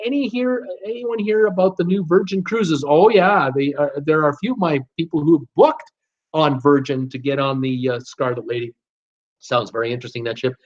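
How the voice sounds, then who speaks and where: A middle-aged man hosts a live cruise chat stream, reading out viewer comments in a friendly, rambling way full of fillers. His voice sits a little high for a man. The audio is dull and lo-fi, like a basic stream setup. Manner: chatty, upbeat, reads names and greetings aloud with many fillers.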